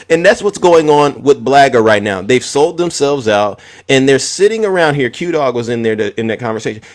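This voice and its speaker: A man giving heated political commentary as a live host, repeating words as he builds his point and mocking his opponents. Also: mid-range voice.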